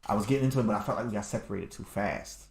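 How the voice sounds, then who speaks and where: Laid-back lower-voiced man, echoey room. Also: rapid-fire, gravelly. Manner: laid-back, repeats words when starting. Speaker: podcast co-host. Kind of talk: casual chat. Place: home.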